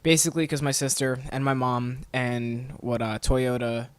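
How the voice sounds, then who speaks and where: A man's voice: mid-range voice, fairly even intonation, moderate pace, clear, resonant tone, dry recording. Profane, ranting young man on a dry mic. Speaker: podcast host. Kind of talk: casual storytelling monologue.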